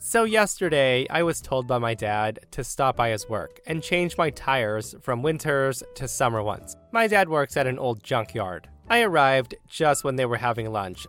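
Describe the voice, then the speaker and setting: Male storyteller, lively and expressive delivery, mid-pitched voice, faint background music. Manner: lively, dramatic, mocking voices for quoted lines. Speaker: podcast narrator reading listener stories. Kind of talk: animated story narration with commentary. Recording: faint music bed behind.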